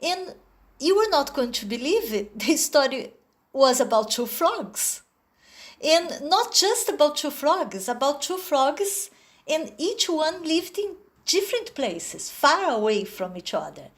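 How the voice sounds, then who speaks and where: Speaking with a Brazilian Portuguese accent, a woman tells a story on a video call in a high, sing-song voice. Her delivery is slow and hesitant, dotted with small fillers.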